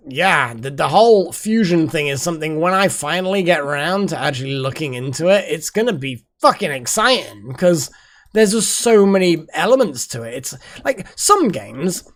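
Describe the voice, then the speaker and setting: Rambling, animated gaming commentator man. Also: on the high side. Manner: rambling, excitable, muttering to himself. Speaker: gaming channel host. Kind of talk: let's play commentary.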